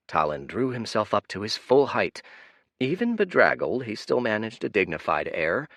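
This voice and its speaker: Man narrating with a lively melody. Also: on the low side, normal speed, no room sound, studio quality. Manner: expressive, animated reading. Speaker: audiobook narrator. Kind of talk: scripted narration.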